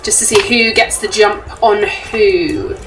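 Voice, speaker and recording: A woman narrating as game master, giggling often and filling pauses with ums. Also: little pitch movement, distant mic, over music, low-quality recording. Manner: giggly, lots of ums, puts on shrill crowd voices.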